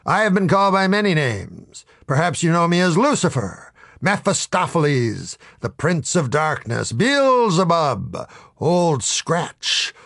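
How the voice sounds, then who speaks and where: Man putting on a pompous, sneering devil for a storybook read, lively swoops, gravelly edge. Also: dry recording, clean studio sound, heavily acted. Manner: booming, pompous roll call of titles. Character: sneering grandiose male devil, boastful.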